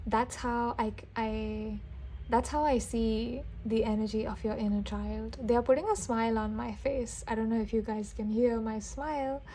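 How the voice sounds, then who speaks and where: A woman tarot reader doing an intuitive reading for viewers, talking gently and with enthusiasm, often restarting and breaking into soft exclamations. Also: a little high, steady tone, moderate pace, slight background noise.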